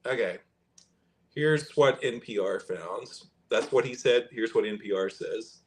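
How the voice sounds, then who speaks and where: A man's voice: lowish voice, animated, slight background noise. A man hosting a podcast, reading fact checks aloud and commenting in a conversational way. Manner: conversational, pauses and restarts while reading aloud. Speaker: podcast host.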